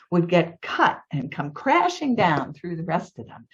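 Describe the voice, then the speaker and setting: A woman's voice: fairly low pitch, big pitch swings, measured pace. A woman telling a personal story to an audience, vivid and emotional, her voice jumping up at tense moments. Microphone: video call. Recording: slightly dull video call audio.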